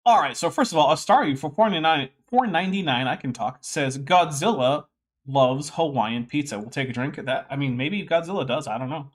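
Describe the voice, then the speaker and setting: A man's voice: fairly high pitch, animated, brisk. A man hosting a casual commentary stream, reading text aloud with wry, sarcastic asides. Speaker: host.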